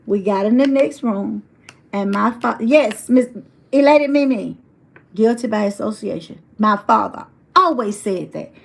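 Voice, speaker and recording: A woman's voice: medium pitch, unhurried, gravelly. A woman telling a personal story in a motivational talk, acting out her family's words and speaking to people in the audience. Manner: animated storyteller acting out family quotes, addresses audience members.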